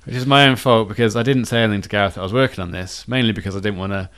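A man with a very low voice talks quickly in a relaxed podcast chat. He rambles a little, restarts sentences and corrects himself on the fly, keeping a casual, chatty flow. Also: smooth. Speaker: podcast co-host.

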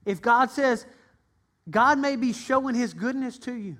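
Preaching at a measured pace, this pastor has a very high, fairly bright voice and delivers his sermon earnestly and with emphasis. He retells events dramatically, performing the different voices himself.

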